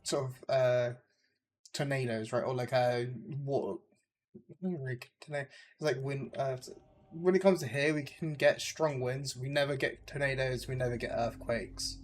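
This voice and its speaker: A man's voice: medium pitch, steady tone, unhurried. A young man with an English accent, chatting loosely with viewers while streaming a game, full of hesitations and fillers. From England. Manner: rambling, hesitant, full of likes and uhs. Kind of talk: casual gameplay chat with viewers.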